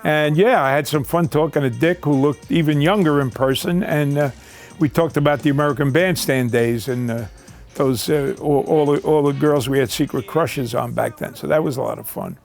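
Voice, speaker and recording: Older male actor, reminiscing interview, rambling and warm-hearted, faint music underneath. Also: fairly high pitch, normal speed, vocal fry. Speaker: actor recalling his career. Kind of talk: documentary interview.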